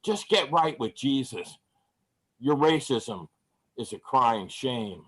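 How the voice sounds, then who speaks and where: A man's voice: medium pitch, animated, slow, husky. A man performing profane, angry spoken word poetry at an online open mic over a video call. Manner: angry, profane, declamatory delivery.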